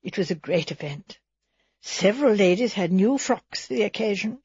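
A woman reading a story aloud as audiobook narrator, in an even storytelling manner. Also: medium pitch, moderate pace, breathy edge, dry recording, highs cut off. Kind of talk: scripted narration.

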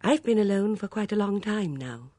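An audiobook reader voicing a gentle, kindly elderly spinster detective who speaks softly and sympathetically, in a storybook reading. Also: mid-range voice, animated, moderate pace, dry recording, clean studio sound, voice pushed up, natural voice. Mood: sympathetic. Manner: soft-spoken and sympathetic.

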